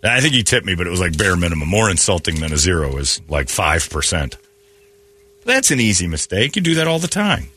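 A man hosting a morning radio show, telling stories in a jokey, animated way. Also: low voice, brisk, breathy edge. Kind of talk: casual radio banter.

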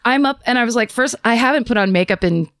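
A woman's voice: a little high, quick pace, fairly bright tone, dry recording, clean studio sound. A woman in her forties co-hosting a podcast from home over a video call, telling stories in a casual, laughing way. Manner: chatty storyteller, laughs often. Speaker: podcast co-host. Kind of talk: casual chat. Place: home room. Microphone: remote video call.

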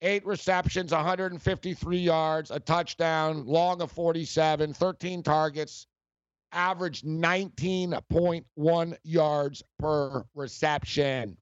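Heated, ranting sports talk host. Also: male voice, fairly high pitch, steady tone, slow pace, smooth, no room sound, dull audio.

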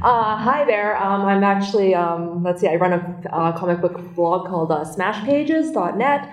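A woman's voice: medium pitch, animated, normal speed. A woman introducing herself on a comic panel, rambling with many fillers. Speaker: comic colorist and blogger. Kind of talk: casual panel chat. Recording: echoey room.

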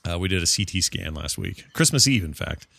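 A man's voice: sits low, animated, a little fast, vocal fry, a bit bright, no room sound, studio quality. A man hosting a podcast in casual, joking chat with a co-host. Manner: chatty, joking, self-deprecating.

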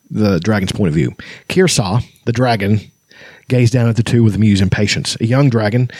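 A man's voice: lowish voice, a little mellow, no echo, clean studio sound. A man in casual conversation about a fantasy novel, chatty and enthusiastic, reading out passages between remarks. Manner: chatty, enthusiastic, many fillers and restarts. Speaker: podcast host. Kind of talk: casual book discussion with read-aloud passages.

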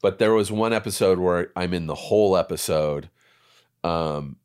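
A man in his fifties, an actor guest on a podcast, telling stories in relaxed chat and swearing freely. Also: deep voice, moderate pace, smooth. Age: 50s. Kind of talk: casual interview chat.

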